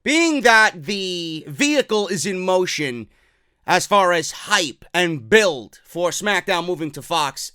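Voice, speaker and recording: A man hosting a wrestling talk show, ranting in an excitable, profane, rambling way. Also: sits high, clean tone, no echo. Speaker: wrestling podcast host. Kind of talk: casual opinion rant.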